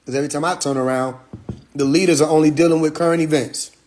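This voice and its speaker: A man's voice: a little high, steady tone, fast talker, a little mellow, slight background noise. A man hosting a livestream monologue, preaching with rhetorical questions and profanity. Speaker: livestream host. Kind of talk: Instagram Live monologue.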